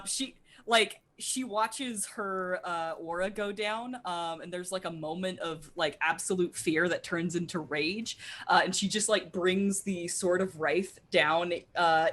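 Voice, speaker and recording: A woman playing in a tabletop game, excitable and prone to loud outbursts. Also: lowish voice. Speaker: player.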